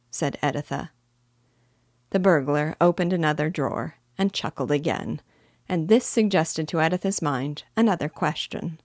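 A woman reading a children's story aloud in a gentle, measured way. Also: low voice, no room sound, clean studio sound. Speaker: storybook reader.

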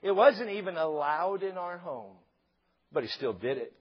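A middle-aged male pastor preaching a sermon, animated and joking, acting out quotes along the way. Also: high-pitched, normal speed, husky. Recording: slightly dull lo-fi sound.

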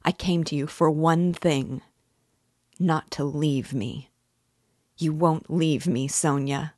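A tormented young man confessing in slow, heavy words, as a woman reads him aloud from a novel. His lines rise into despairing cries, in a dry, close recording. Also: deep voice, fairly even intonation, a little mellow, no room sound. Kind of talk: audiobook reading.

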